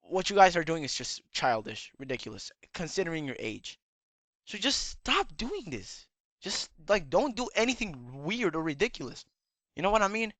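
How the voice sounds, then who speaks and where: A man's voice: on the high side, expressive, brisk, a bit bright, no room sound. A man giving rambling casual commentary in a lecturing tone, his slightly worn voice cracking now and then. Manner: rambling and lecturing, keeps tagging "all right?". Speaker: YouTube commentator.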